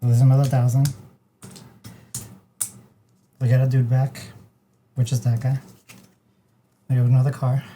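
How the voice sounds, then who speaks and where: Dark-voiced man counting through a board game turn. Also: mid-range voice, level tone, unhurried, long pauses, slight background noise. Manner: talks himself through moves, counting aloud. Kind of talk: casual tabletop game play.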